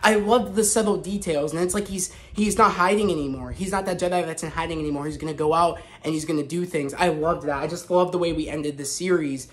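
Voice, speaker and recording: A man hosting a casual spoken review vlog, talking in an excited, rambling way with frequent restarts. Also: a little high, fast talker, hardly any pauses. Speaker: host.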